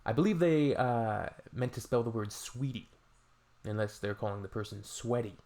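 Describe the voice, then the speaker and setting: A man's voice: medium pitch, moderate pace, warm tone. A man from Canada, hosting a reaction video with dry, sarcastic asides in casual commentary.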